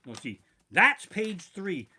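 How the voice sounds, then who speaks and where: A man's voice: high voice, big pitch swings, takes it slowly, sharp tone, a little hiss or hum. A man comedian telling rambling, profane stories and reading from his notes in a live stream from his living room. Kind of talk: live-streamed storytelling stand-up. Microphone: barebones home streaming mic.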